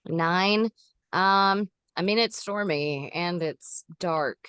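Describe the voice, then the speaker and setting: A woman narrating as game master of a tabletop game, relaxed and unhurried, with the odd um. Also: lowish voice, smooth, no room sound.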